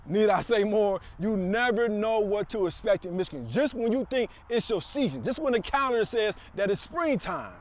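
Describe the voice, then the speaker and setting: A man's voice: high voice, lively intonation, normal speed, hardly any pauses. A middle-aged man giving an emphatic, repetitive motivational speech to the camera, recorded outdoors. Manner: preachy, repetitive, emphatic with call-outs. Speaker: motivational speaker.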